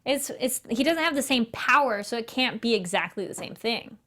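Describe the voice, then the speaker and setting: A woman hosting a casual anime review chat, talking fast and acting out lines from the show. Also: fairly high pitch. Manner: chatty, animated, acts out quotes. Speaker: host.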